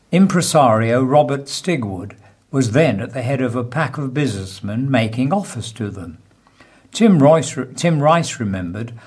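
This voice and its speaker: A man presenting on the radio, reading and telling jokes with lively storytelling and raised voices for quoted characters. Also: mid-range voice, husky. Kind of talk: casual joke-telling and reading.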